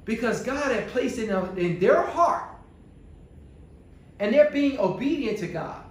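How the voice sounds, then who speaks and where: A man's voice: very high-pitched, lively intonation, normal speed. A male pastor preaching a sermon, asking the congregation rhetorical questions in a call-and-response style. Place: church. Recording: very echoey church room.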